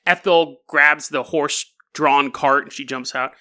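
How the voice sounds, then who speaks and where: A podcast host retells a news story as a comedy bit, full of jokes, tangents, and laughs mid-sentence. His voice is on the high side with a sharp, steady tone, and he speaks a little slowly.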